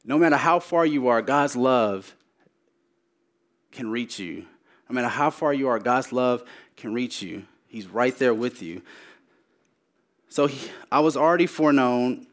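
A man preaching his personal testimony, repeating phrases for emphasis and moving between raised, urgent lines and hushed ones. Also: medium pitch, lively intonation, a little slow, long pauses. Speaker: speaker sharing his testimony.

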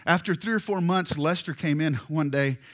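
A man preaching a storytelling sermon, animated and jokey, acting out voices as he goes. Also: fairly high pitch. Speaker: pastor.

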